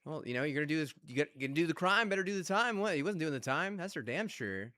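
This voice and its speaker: Profane ranting young man, bright voice. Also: a little high, lively intonation, fast talker, dry recording. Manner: profane, ranting, yelling bursts. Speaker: gamer. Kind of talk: angry gaming rant.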